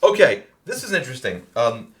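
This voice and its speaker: Excitable American man, casual chat. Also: medium pitch, brisk. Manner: animated, laughing storyteller, many fillers. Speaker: podcast host.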